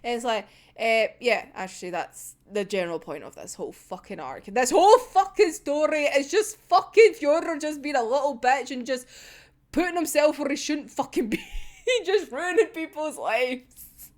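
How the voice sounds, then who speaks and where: A woman's voice: high voice, lively intonation, normal speed. A young woman reacting to a manga chapter in casual chat, swearing freely and laughing often. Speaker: manga reviewer.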